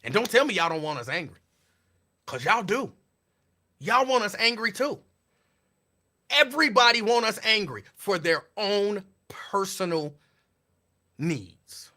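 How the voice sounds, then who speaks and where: Bright, lively-voiced man riffing sarcastically. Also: high voice, a little slow, pauses often. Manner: preachy, repetitive, sarcastic. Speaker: host. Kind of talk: casual commentary.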